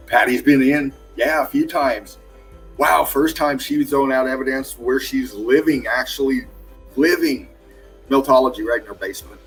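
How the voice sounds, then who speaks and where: A man hosts a casual livestream, heaping praise on each viewer who turns up. He talks at a middle pitch, calls people darling and laughs often. Faint music plays underneath. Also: fairly even intonation, moderate pace, a bit bright. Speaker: livestream host. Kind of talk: casual livestream shout-outs.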